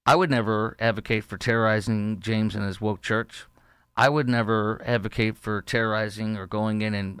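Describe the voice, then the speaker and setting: A man's voice: on the low side, a bit bright, smooth, dry recording, clean studio sound. A man hosting a political talk show, combative and sarcastic, reading quotes aloud and rebutting them. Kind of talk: political commentary monologue.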